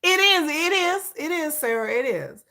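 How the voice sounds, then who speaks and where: Bright, animated woman chatting on a livestream. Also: sits high, moderate pace. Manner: animated, repetitive, talks straight to viewers. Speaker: livestream host. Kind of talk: casual livestream chat.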